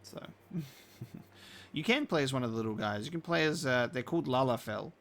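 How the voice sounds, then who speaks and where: A man's voice: medium pitch, expressive, moderate pace, a bit bright. A man with a blend of Australian and British accent, chatting casually while live-streaming a game and reacting to chat. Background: faint game music.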